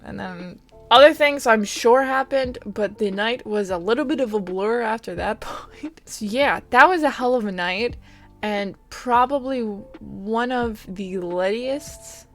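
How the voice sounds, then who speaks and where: A woman vlogger telling a casual story-time anecdote, chatty and profane, dropping to a whisper for quoted asides. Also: medium pitch.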